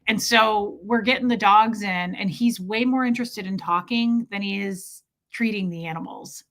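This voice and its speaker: A woman's voice: mid-range voice, moderate pace, a bit bright. A middle-aged woman vlogger telling a story in a casual, blunt and profane way.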